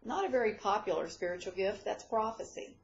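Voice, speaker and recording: A middle-aged woman giving an expressive, storytelling devotional talk as a ministry leader. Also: medium pitch, a little fast, gravelly. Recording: dull lo-fi recording.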